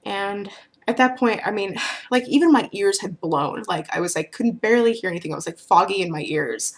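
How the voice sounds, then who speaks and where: A woman's voice: medium pitch, animated, brisk. Chatty woman telling a story. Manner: chatty, rambling with fillers and restarts. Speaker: vlogger. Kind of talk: casual storytelling to camera.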